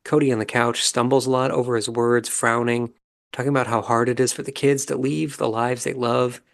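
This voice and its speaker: Calm man with a gravelly voice. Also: mid-range voice. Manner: calm, measured, analytical. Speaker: podcast host. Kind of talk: casual commentary recapping a reality show.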